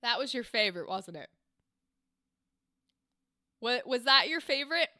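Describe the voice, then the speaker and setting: Woman livestream host, voice acting feedback, bubbly, encouraging, high bright voice. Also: lively intonation, unhurried, no room sound, clean studio sound. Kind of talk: casual livestream critique.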